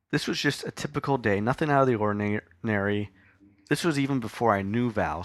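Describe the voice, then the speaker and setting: A man telling a loose, rambling story on his podcast, dropping in casual swearing as he goes. His voice sits fairly low. He records on a podcast mic in a dry home studio. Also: a bit bright, dry recording. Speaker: podcast host.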